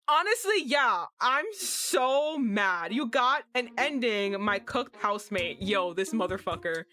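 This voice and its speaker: Animated woman streamer, big swings in pitch. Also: slow pace, few pauses, soft background music. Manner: loud, swearing, laughing outbursts. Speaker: streamer playing a game. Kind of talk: livestream game commentary.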